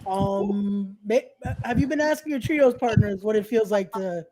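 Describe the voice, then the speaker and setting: Male podcast host, high voice, teasing and prodding, faint hiss behind. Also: a little slow, darkish tone, low-quality recording. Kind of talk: casual podcast chat.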